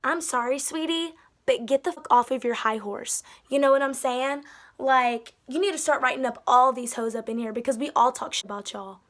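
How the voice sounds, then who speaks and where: A young woman telling a storytime vlog into her phone indoors, sassy and animated, with mocking quoted voices. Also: sits high, normal speed. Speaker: vlogger. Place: indoors by a wall.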